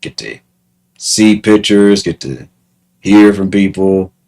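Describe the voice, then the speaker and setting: A man's voice: low voice, lively intonation, slow pace, a little mellow, low-quality recording. A man ranting casually to camera, exasperated, repeating himself and breaking into laughter. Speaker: vlogger.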